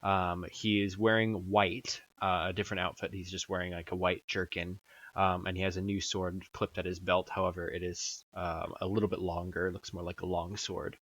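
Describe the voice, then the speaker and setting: A man narrating a tabletop game as game master, halting with many fillers. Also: sits low, flat delivery, fairly bright tone, dry recording. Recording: dull dry sound.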